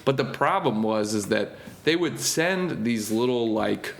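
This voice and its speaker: A man's voice: unhurried, vocal fry. A young man, a comedian, telling stories in casual podcast chat and acting out the voices of the people he met. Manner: animated storyteller, acts out quoted voices in a higher pitch. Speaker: comedian guest. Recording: roomy echo.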